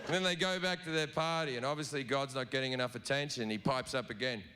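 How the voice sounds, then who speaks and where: A man's voice: medium pitch, fast talker, pushed and bright. An Australian man doing a stand-up comedy set, telling a story in a profane, conversational way. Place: live comedy venue. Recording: live show with audible crowd noise.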